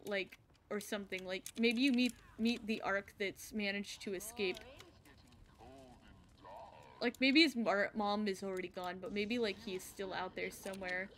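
A woman streaming a video game, chatting casually and excitedly with her viewers as she plays. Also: mid-range voice. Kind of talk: casual live-stream chat.

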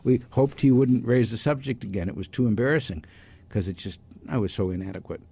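Speaking briskly in a gravelly, medium-pitched voice with a breathy edge, an older man recounts stories during an interview. A doctor and author, he brings quotes to life with acted-out voices, and his sentences often stop and restart.

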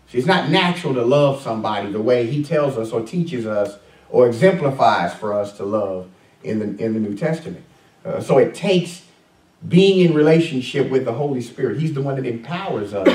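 A man's voice: mid-range voice, a little mellow. A male pastor preaching a conversational sermon, full of fillers and questions to the congregation. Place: church sanctuary. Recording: echoey church room, mic at a distance.

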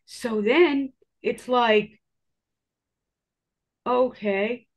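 A woman telling her own story in a casual, animated way, swearing freely and acting out her own reactions. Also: on the high side, very slow.

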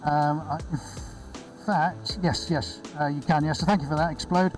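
A man's voice: fairly high pitch, steady tone, measured pace, soft background music, low-quality recording. A man hosting a live painting stream, talking in a chatty, upbeat and rambling way with many fillers. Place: indoor studio floor with extractor fan.

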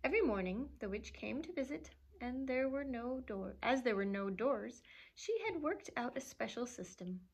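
A woman librarian reading a fairy tale aloud for children, expressive and lively, with playful asides. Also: fairly high pitch, normal speed, husky. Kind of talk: storybook read-aloud.

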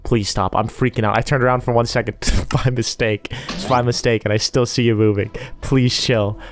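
A man narrates his game live, nervous and chattering to himself as he moves. His voice sits at an ordinary middle pitch. Soft music plays underneath. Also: steady tone, moderate pace. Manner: jittery, talks himself through scares. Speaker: gaming YouTuber. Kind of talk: live gameplay commentary.

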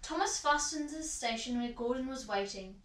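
A woman reading a children's storybook aloud in an expressive, sing-song way, recorded in an echoey room far from the mic. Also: on the high side, normal speed, very noisy.

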